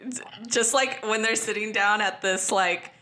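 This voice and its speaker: A woman's voice: mid-range voice, measured pace, bright, forceful tone. A woman co-hosting a film podcast, chatting casually with lots of giggles and blunt, swear-filled remarks. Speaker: podcast co-host. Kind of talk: casual movie chat.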